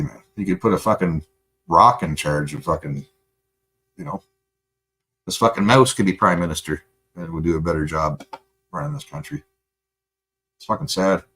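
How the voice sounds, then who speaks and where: Rambling, profane man with a low voice. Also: fairly bright tone. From Canada. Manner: rambling, profane, heated, many fillers. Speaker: livestream host. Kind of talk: casual livestream monologue, reading chat.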